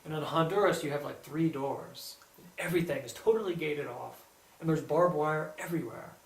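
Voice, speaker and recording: A man telling a personal anecdote in a casual, animated way, quoting others in lively bursts. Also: on the high side, normal speed, creaky. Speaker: storyteller. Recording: roomy echo, distant mic, faint background hum.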